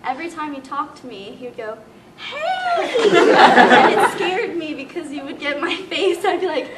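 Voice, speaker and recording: Bubbly high-voiced teen girl, noisy room. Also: normal speed. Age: teens. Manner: bubbly, laughing storyteller who acts out quotes. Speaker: senior band student. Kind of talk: casual group interview. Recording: roomy, distant mic with loud crowd and noise.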